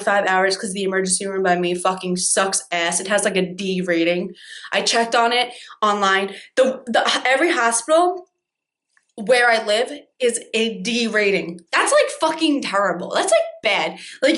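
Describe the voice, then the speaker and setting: A woman's voice: a little high, fairly bright tone. A young woman telling a dramatic, profane storytime vlog, laughing as she goes. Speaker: vlogger.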